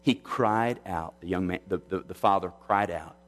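A pastor preaching an expository sermon, measured and earnest, often restarting his phrases. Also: low-pitched, a bit bright. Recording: long hall reverb.

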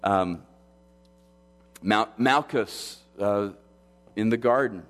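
A pastor preaching an expository sermon, measured and earnest, often restarting his phrases. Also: lowish voice, a bit bright. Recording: long hall reverb.

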